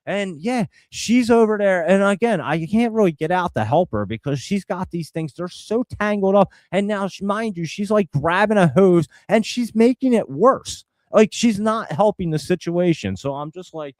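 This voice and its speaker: A middle-aged man, host of a live show, telling a long story to viewers in a casual, animated way and laughing now and then. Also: high-pitched, normal speed, no echo.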